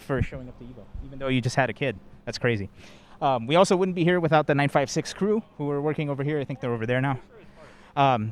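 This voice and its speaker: A man hosting a live fighting-game show from a convention floor, joking and a bit out of breath. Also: on the high side. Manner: energetic, joking, says he is out of breath. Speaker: host. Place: large indoor convention hall floor.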